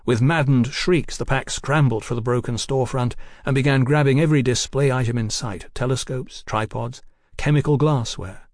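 A man reads an audiobook at normal speed in a medium-pitched voice, keeping his storytelling steady and even. The recording is dry and of studio quality.

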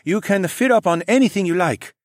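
In an audiobook, a man voices a friendly, helpful young man, pitching above his own voice so it sits high. His delivery is animated and fairly quick, with clean studio sound and no room sound.

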